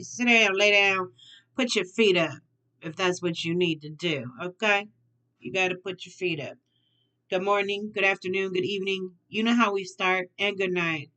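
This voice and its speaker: A sassy woman tarot reader chatting casually to her viewers. Her voice sits at a middling pitch, and she repeats her phrases playfully. She slides from soft, low murmurs into loud, teasing outbursts. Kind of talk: casual tarot reading chat.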